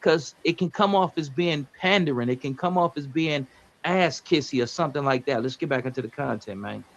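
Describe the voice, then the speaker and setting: A man's voice: on the high side, dull audio. Man hosting a casual live-stream. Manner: measured, lecturing, self-correcting. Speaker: livestream music reviewer host.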